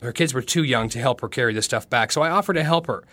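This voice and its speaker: A man tells a story in an interview, halting and reflective, and he often restarts his sentences. The recording is dry and close, with no room sound. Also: mid-range voice, bright, forceful tone, dry recording. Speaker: aid worker. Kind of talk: interview recollection.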